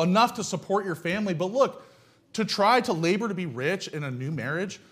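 High-voiced blunt preaching man. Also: a bit bright. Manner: emphatic, with rhetorical questions; folksy and blunt. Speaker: pastor. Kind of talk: sermon.

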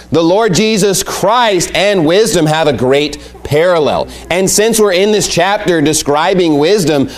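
Slightly high-voiced man preaching a sermon. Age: adult with young family. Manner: emphatic, repeats key points, reads scripture aloud.

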